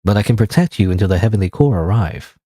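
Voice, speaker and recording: A man reading aloud the lines of a gentle, protective male spirit from a game, in his own voice. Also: lowish voice, expressive, quick pace, slight background noise, lightly acted. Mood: tender. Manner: reads game dialogue aloud plainly.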